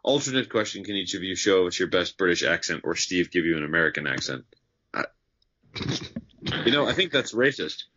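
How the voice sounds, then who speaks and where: A man with a lowish, bright, forceful voice that swings lively in pitch, reading out listener questions. The audio is dull and lo-fi. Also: brisk. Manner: animated, reads listener questions. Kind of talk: casual podcast banter.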